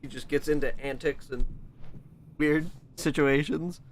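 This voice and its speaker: A man's voice: on the high side, fairly even intonation, normal speed. A young man in casual chat on a gaming stream. He is easygoing and often trails off mid-sentence.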